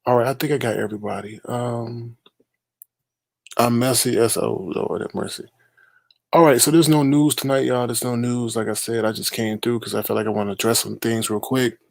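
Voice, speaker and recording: Blunt profane livestream host, dry sound. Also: male voice, medium pitch, vocal fry, no room sound. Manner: blunt, profane, calling people out. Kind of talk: casual livestream rant.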